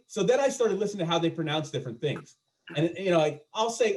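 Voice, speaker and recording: A man with a slightly raised pitch works through a stand-up set over a video call. His delivery is loose and chatty, full of self-deprecating riffs and asides to the audience. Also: expressive, moderate pace. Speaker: stand-up comedian.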